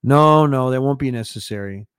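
A man's voice: mid-range voice, moderate pace, clean tone, no room sound, clean studio sound, close to an everyday voice. A man reading as a hasty, nervous old official. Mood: hasty pleading. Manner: hasty, pleading. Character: older white-haired male official, hasty and nervous.

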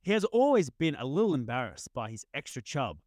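A man's voice: mid-range voice, sing-song, brisk, darkish tone, no room sound, clean studio sound. A man co-hosting a casual podcast, reading a story aloud and often tripping over words and correcting himself. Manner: stumbling reader, frequent self-corrections. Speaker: podcast co-host reading stories.

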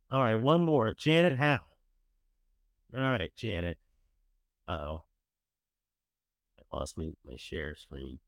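A man's voice: low-pitched, no room sound. A man hosting a morning talk show, giving blunt, profane opinions in a casual style. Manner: blunt, profane, swings from scornful to gushing.

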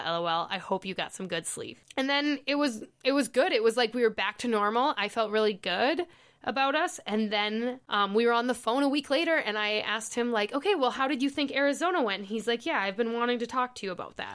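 A woman's voice: a little high, a bit bright, clear, resonant tone. A young woman hosting a podcast, telling a personal story in a chatty way with lots of "like" and acted-out quotes. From Minnesota. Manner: chatty, many "like" fillers, acts out quoted lines. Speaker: podcast host. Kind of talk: casual storytelling chat.

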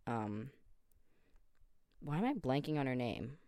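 A young podcast host in their late teens rambles through a loose solo monologue, full of "um"s and "like"s, doubling back whenever a name slips away. The voice sits at an ordinary middle pitch. It is recorded close and dry in a small quiet room. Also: very animated, takes it slowly, dry recording. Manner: rambling, filler-heavy, self-deprecating, loses track mid-sentence.

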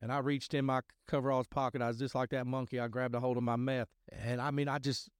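A middle-aged man tells a story on his podcast in a loose, rambling way, circling back and restarting his sentences. His voice is smooth and clear, recorded close and dry. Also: medium pitch, little pitch movement, quick pace, no echo. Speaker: podcast host sharing testimony. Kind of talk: casual spoken testimony.

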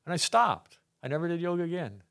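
An older man from Texas, a podcast guest telling his faith testimony in a lively way, acting out the voices in his anecdotes and laughing often. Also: on the high side, fast, creaky.

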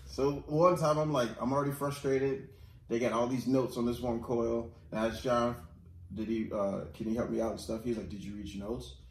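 A man's voice: mid-range voice, steady tone, normal speed. A man chatting casually on a podcast, who laughs a lot and pokes fun at himself. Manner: laughs often, self-deprecating. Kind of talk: casual chat. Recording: echoey room, faint noise.

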